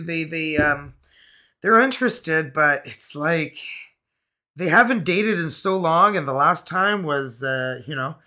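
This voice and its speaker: Woman, Canadian accent, casual tarot reader, rambling, laughs a lot, bright tone. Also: deep voice. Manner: chatty and rambling, with frequent laughs and fillers. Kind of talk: casual tarot reading to camera.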